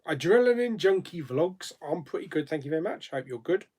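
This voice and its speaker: A man's voice: fairly high pitch, lively intonation, brisk, a little mellow. A man hosting a casual live chat, reading viewer comments aloud and answering them with frequent laughs. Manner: chatty, laughs often, reads comments aloud then answers. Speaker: YouTube host.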